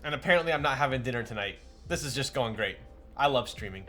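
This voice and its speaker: A man's voice: mid-range voice, lively intonation, fast, pushed and bright. A young man streaming live, chatting casually and joking at his own expense while building a keyboard and answering his chat. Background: faint music.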